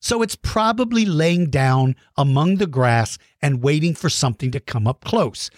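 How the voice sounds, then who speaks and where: A man teaching viewers as a science educator, animated and speculative, asking rhetorical questions and speaking to them directly. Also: fairly high pitch, dry recording, studio quality. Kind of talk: explaining to viewers.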